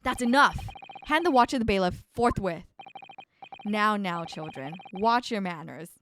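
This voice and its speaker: A woman voicing a stern older male courtroom judge, speaking formally in a lowered, reproving tone. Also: lively intonation, a little slow, fairly bright tone, a little hiss or hum.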